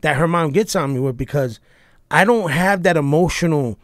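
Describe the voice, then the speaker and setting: A middle-aged man, a comedian guest, telling stories in a profane, animated, punchy way. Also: a little high, moderate pace, no echo, studio quality. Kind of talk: casual storytelling chat.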